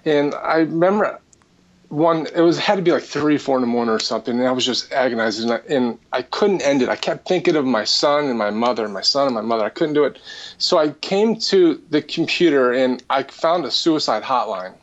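A man giving an earnest personal testimony as a spiritual healer, speaking haltingly with frequent restarts. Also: medium pitch, animated, highs cut off.

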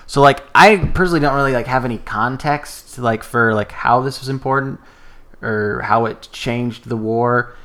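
A man's voice: medium pitch, normal speed, a bit bright. A young man in casual movie chat, self-deprecating and rambling with many fillers. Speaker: podcast co-host.

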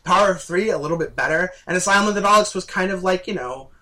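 High bright-voiced man ranting on a podcast. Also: fast. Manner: heated, ranting, swears freely. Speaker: podcast co-host. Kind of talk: casual podcast chat.

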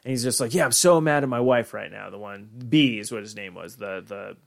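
A young man co-hosts a podcast, rambling through casual chat with lots of swearing and "like" fillers. His fairly low voice is gravelly, and he talks a little fast.

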